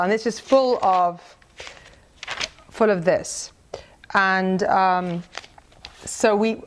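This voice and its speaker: A woman's voice: medium pitch, a little hiss or hum. A middle-aged woman giving a conversational, earnest faith testimony to a church group, with frequent restarts. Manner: conversational, earnest, with many restarts and reading aloud a prayer. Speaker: speaker sharing a mission testimony.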